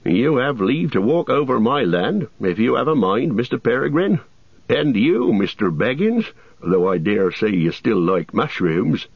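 Hearty rustic hobbit farmer, loud and swooping; male reader doing the voice, husky tone. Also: mid-range voice, very animated, unhurried, dry recording, highs cut off, full character voice. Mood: genial. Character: gruff country hobbit farmer, suspicious then hearty.

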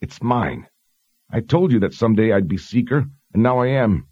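A man's voice: mid-range voice, lively intonation, moderate pace, darkish tone, breathy edge, no room sound, dull audio, voice pushed up. A man voicing a cocky, swaggering young messenger who is boastful but wheedling.

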